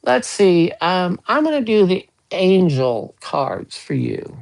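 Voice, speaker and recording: A man giving a casual live tarot reading, gentle with folksy joking asides. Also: high voice, sing-song, slow pace, vocal fry. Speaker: tarot card reader.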